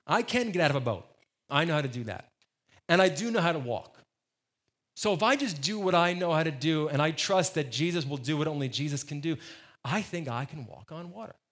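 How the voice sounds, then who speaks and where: A man's voice: fairly high pitch, expressive, fairly quick, a bit bright. A male preacher voicing an earnest, unsure fisherman disciple who hesitates and then reasons aloud in a sermon retelling.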